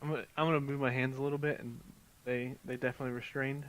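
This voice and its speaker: Male player, mid-pitched, urgent and defiant in character. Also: flat delivery, rapid-fire. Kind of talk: playing a tabletop game.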